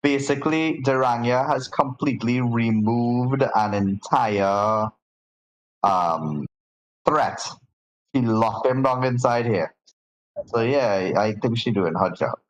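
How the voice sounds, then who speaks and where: A man's voice: medium pitch, slow pace, poor audio. A man acting as game master, narrating a tabletop game in a casual way with many fillers and restarts.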